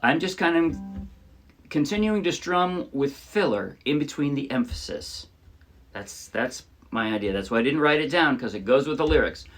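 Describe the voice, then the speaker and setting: A man teaching a ukulele arrangement in a relaxed, chatty tutorial style. He explains each step and often checks in with the viewer. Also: fairly high pitch, normal speed, faint music behind. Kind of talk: casual music tutorial. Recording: loud ukulele playing under the speech. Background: his own ukulele playing under the voice.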